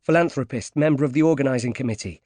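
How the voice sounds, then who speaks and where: A man's voice: medium pitch, quick pace, darkish tone, no echo, lightly acted. A man voicing a driven young female newspaper reporter, talking eagerly and breathlessly. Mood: excited.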